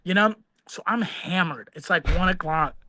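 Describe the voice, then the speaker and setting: Young male comic storyteller, high voice, dry booth sound. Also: normal speed, sharp tone, dry recording. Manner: rambling comic storyteller, acts out voices in his anecdotes. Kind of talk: casual storytelling.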